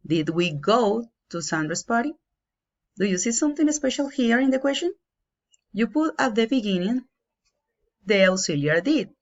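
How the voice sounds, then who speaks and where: A woman with as her teaching an English grammar lesson, slowly and carefully, spelling out each example. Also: mid-range voice. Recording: dull lo-fi home recording.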